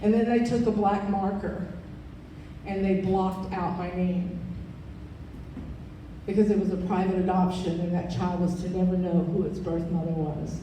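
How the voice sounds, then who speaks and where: A woman in her sixties tells her story as a keynote speaker, leaning on repeated phrases for emphasis. Her tone is soft and mellow. The sound comes from a distance and rings around a big echoing hall, with faint background noise. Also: lowish voice, level tone, moderate pace. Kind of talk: personal testimony speech. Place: large event hall.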